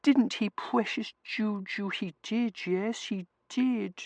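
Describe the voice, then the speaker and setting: A man's voice: high voice, slow, darkish tone, no room sound, lo-fi sound, voice pushed up. A man voicing a gushing young Victorian woman who coos and dotes. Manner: cooing, doting.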